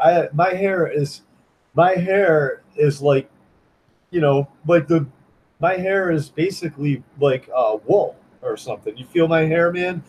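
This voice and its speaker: A man's voice: a little high, a little mellow, husky, rough recording. A man chatting casually on a livestream as a comic artist, rambling and swearing, with many restarts and fillers.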